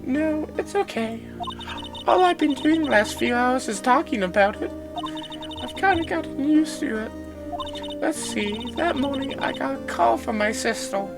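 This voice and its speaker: A fan voice actor voicing a chatty young woman in a much higher voice. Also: lively intonation, unhurried. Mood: subdued. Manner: bright, chatty, high-pitched. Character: cheerful young female spirit medium. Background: music.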